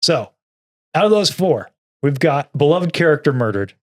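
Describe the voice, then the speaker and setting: A man's voice: on the high side, moderate pace, dry recording, studio quality. A man co-hosting a casual podcast, reading from an old magazine and laughing often. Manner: animated, laughs often, reads quotes aloud. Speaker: podcast co-host.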